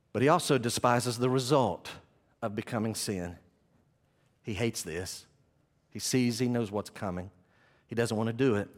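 A man preaching a sermon as pastor, swinging from loud impassioned passages to soft hushed ones, with self-deprecating asides as he reads from his notes. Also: mid-range voice.

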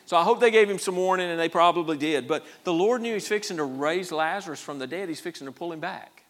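A man's voice: a little high, a little fast, a bit bright. A man, preaching a sermon in a folksy, conversational way, often restarting his words. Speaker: pastor.

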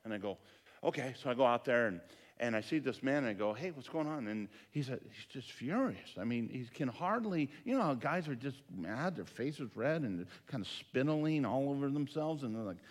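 A middle-aged man preaching a sermon as pastor, telling a story with lively acted-out quotes and dropping low for asides. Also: moderate pace. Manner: animated storyteller, acts out quotes, drops to a near-murmur for asides.

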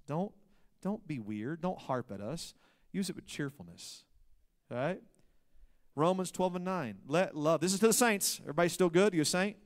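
A pastor preaching a sermon, swinging between loud emphasis and hushed asides. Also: male voice, high voice.

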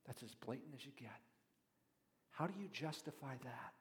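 A male pastor giving a sermon, reading verses and then putting pointed questions to the listeners, going from hushed asides to loud emphatic preaching. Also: mid-range voice, normal speed. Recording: reverberant hall.

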